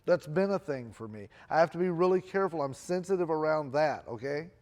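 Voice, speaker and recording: A man's voice: fairly high pitch, lively intonation, fairly quick, a little mellow. A middle-aged man preaching a sermon as a pastor, telling a personal story in a conversational, self-deprecating way. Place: church auditorium.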